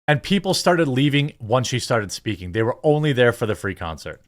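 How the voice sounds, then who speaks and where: A man's voice: medium pitch, expressive, moderate pace, few pauses, a bit bright. A middle-aged man hosting a political commentary channel, ranting in an indignant, sarcastic and emphatic way.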